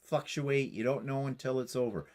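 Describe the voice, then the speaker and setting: A man's voice: mid-range voice, moderate pace, a little mellow. Chatty Canadian man hosting a livestream. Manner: chatty, rambling, self-deprecating, many fillers. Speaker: YouTube quilting channel co-host. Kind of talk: casual livestream chat.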